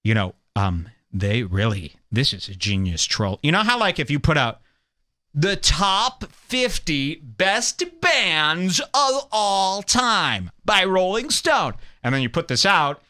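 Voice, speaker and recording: A young man hosting a podcast, ranting sarcastically over clips and mocking people in high put-on voices. He is from Illinois. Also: big pitch swings, slow pace, bright, forceful tone. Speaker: podcast host.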